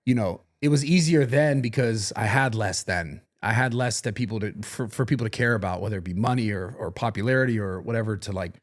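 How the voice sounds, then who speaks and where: A man's voice: lowish voice, brisk, few pauses. A young man hosting a podcast, speaking in an earnest, reflective way with lots of "like" fillers in casual chat. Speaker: podcast host.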